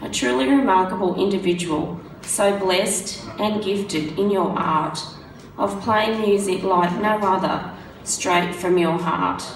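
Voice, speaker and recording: A woman with a croaky, hoarse voice, reading out a prepared tribute in a steady, measured way. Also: mid-range voice, a little hiss or hum. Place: function room. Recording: roomy sound from a distant mic.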